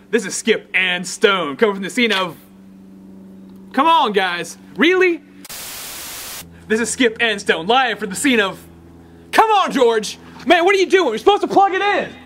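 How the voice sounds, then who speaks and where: A man's voice: sits high, fairly bright tone, a little hiss or hum. A young man playing a news reporter in an amateur comedy sketch, flustered and restarting lines.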